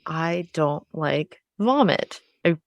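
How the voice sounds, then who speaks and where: Young woman, lowish voice, chatty, candid storyteller, podcast co-host, dry sound. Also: animated, slow pace, no echo, muffled recording. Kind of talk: casual chat, personal story.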